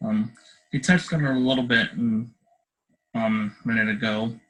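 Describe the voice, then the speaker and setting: Gentle man asking interview questions. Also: mid-range voice, steady tone, moderate pace, low-quality recording. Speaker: podcast host.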